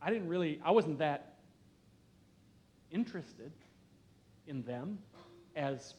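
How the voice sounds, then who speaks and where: A man's voice: fairly high pitch, animated, takes it slowly, slight background noise. Earnest middle-aged man preaching a sermon. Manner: conversational, earnest, with dramatic quiet drops. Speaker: pastor. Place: church sanctuary.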